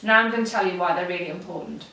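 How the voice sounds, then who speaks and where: A woman's voice: on the low side, racing, gravelly, bright, forceful tone, recorded from a distance. Woman teacher, encouraging children's lesson, very echoey room, off-mic, faint hiss. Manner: patient and encouraging, sings a silly song. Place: home during lockdown.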